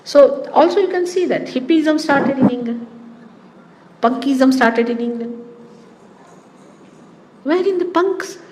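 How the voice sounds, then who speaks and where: A woman's voice: high-pitched, takes it slowly, long pauses, a little mellow. A woman from India, a spiritual teacher giving a spoken talk to followers, rambling through anecdotes with asides. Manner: anecdotal, digressive storytelling with asides. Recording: echoey hall with faint background noise.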